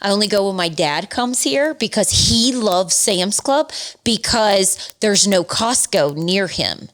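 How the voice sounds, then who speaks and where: A woman, co-hosting a casual podcast and telling family stories in a chatty, animated way. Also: mid-range voice, slow. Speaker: podcast co-host. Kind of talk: casual chat.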